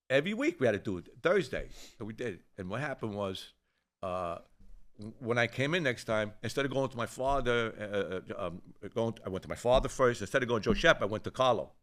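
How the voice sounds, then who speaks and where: A man's voice: lowish voice, brisk. A man, telling an old neighborhood story in casual chat, swearing freely and acting out the people he quotes. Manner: rough-edged, swears freely, animated when quoting others. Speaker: show host telling a story.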